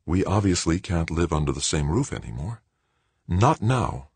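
A male narrator voicing a middle-aged mother who speaks softly and firmly. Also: low-pitched, very animated, moderate pace, vocal fry, slightly rough, dry recording, exaggerated voice. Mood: resigned. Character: middle-aged mother, calm, quietly firm.

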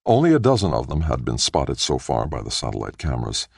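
A man's voice: extremely low pitch, wildly swooping pitch, a little fast, creaky, darkish tone, no echo, clean studio sound. A man reading a science fiction audiobook, narrating in a dramatic storytelling manner. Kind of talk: scripted narration.

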